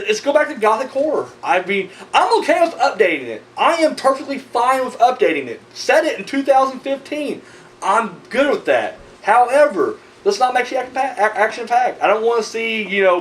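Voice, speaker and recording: A man's voice: high voice, a bit bright, a little hiss or hum, low-quality recording. A man ranting casually in a video response, profane and rambling, tired and worked up. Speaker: horror movie vlogger.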